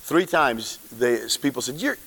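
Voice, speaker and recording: A man preaching a sermon in a casual, animated storytelling way, using slang and acting out the characters. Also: mid-range voice, moderate pace, in a large hall. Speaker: pastor.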